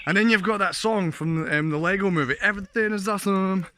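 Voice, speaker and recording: A man's voice: high-pitched, quick pace, pushed and bright, no echo. A Scottish man rambling chattily as he walks outdoors and talks to his handheld camera. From Scotland. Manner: rambling, chatty, laughs often. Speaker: vlogger. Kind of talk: casual walking vlog. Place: outdoors on a walk past houses. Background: dogs barking.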